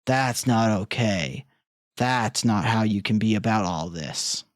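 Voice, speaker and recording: A man streaming a game live, reading its text aloud in an unhurried, musing way and turning flustered when something breaks. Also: lowish voice, lively intonation, no room sound, clean studio sound.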